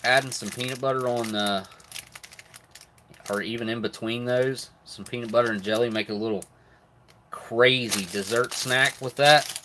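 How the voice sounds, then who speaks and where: A man's voice: medium pitch, steady tone, moderate pace, background noise. A middle-aged man hosts a live stream, chatting casually about rations while eating, often with his mouth full. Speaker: live stream host reviewing military rations.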